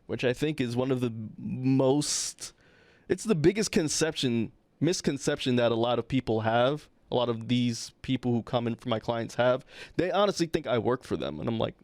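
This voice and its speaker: A man's voice: mid-range voice, moderate pace, darkish tone, no echo. Male podcast co-host with a mid-range voice, telling a casual anecdote and acting out its people. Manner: acts out the people in his stories.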